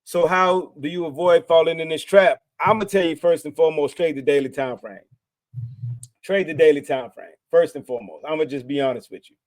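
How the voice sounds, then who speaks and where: A man's voice: a little high, a little fast, dry recording. A man with a Texas accent hosting a trading channel, giving a casual, preachy motivational talk to camera, often repeating himself and using slang. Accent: Texan. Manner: repetitive, preachy, informal slang.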